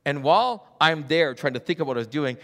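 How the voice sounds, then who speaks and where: Animated pastor in a echoing hall. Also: male voice, a little high, quick pace. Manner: animated, acts out voices in his stories. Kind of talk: sermon. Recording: long hall reverb.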